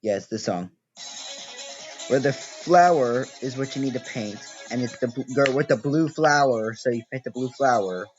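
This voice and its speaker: A man's voice: medium pitch, moderate pace. A young man chatting through a game walkthrough, thinking aloud and correcting himself as he plays. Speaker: gaming video creator. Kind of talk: casual game walkthrough commentary. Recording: dull lo-fi audio with game music. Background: game music.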